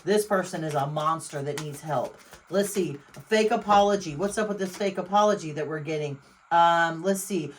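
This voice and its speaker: A woman doing a casual tarot reading, speaking bluntly and emphatically to the viewer. She swears freely, exclaims often and swings her loudness up and down. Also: deep voice, moderate pace, a little hiss or hum, rough recording. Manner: blunt, emphatic, profane, talks straight to the viewer. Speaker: tarot reader.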